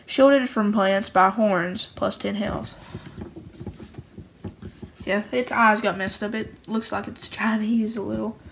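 A woman's voice: mid-range voice, fairly even intonation, slow, vocal fry, long pauses, slight background noise, rough recording. A woman who makes her own card game, casually and cheerfully going through each card, rambling and often restarting her sentences. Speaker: homemade card game creator.

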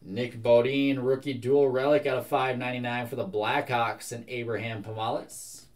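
A young man hosting a live card break, reading out one card after another in a brisk, casual way. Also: medium pitch, flat delivery.

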